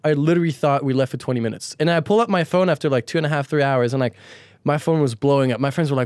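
Give me a young man, fast and laid-back, chatting casually with a slightly high voice. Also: a little mellow, no room sound. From France. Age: young adult. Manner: fast, laughing, easygoing. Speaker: podcast co-host. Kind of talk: casual chat.

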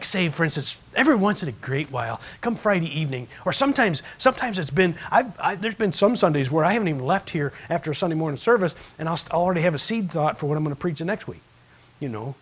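A man preaching a sermon from the front of a church, telling the story the way he'd tell it to friends and slipping into the voices of the people in it. His voice sits a little high, with a husky edge. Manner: conversational storytelling, acts out voices in his stories. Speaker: pastor. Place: church sanctuary.

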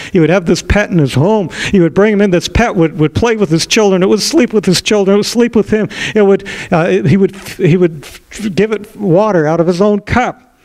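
A preacher playing an old prophet telling a parable. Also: male voice, a little high, pitched above the performer's own voice, close to an everyday voice. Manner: rising, animated storytelling.

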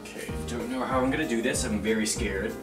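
A man's voice: mid-range voice, steady tone, a little fast. A young man casually narrating his day for a vlog, baking at home and joking at his own expense. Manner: self-mocking, joking asides to the viewers. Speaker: vlogger. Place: home kitchen. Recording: music playing behind the voice.

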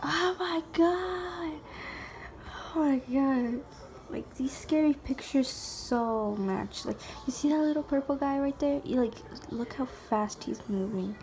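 Slow-talking excitable young woman gamer. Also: high voice. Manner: excitable, gasps and whispers while playing. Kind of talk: casual gameplay commentary. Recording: faint music behind.

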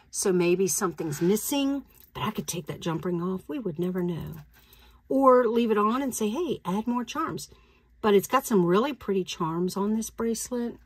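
A woman's voice: medium pitch, husky. A woman reselling jewelry, chatting casually as she unboxes it, thinking aloud and laughing easily. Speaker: reseller vlogger.

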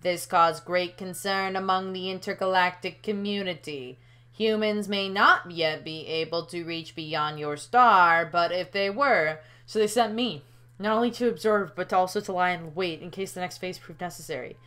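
A woman reads out a composed alien judge who has passed as a human among people, speaking in a measured, formal way. The tone stays solemn and unhurried, like a video game villain delivering a verdict. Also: lowish voice, bright, forceful tone, voice pushed down.

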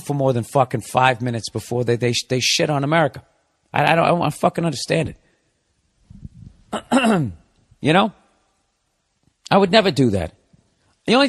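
Profane ranting male podcast host. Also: mid-range voice. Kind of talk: comedic podcast monologue.

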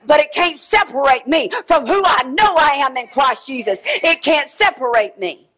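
Woman preacher, high voice, fervent sermon with shouts and soft asides. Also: expressive, moderate pace. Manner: fervent, swinging between shouted exhortation and quiet asides.

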